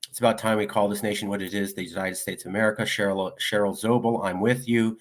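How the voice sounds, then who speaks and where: Male political commentator, lowish voice, casually reading viewer comments aloud in quick succession. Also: flat delivery.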